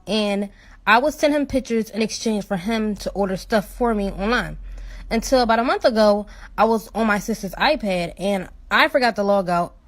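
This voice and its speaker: A woman reading out a first-person story in a plain, matter-of-fact way. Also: medium pitch.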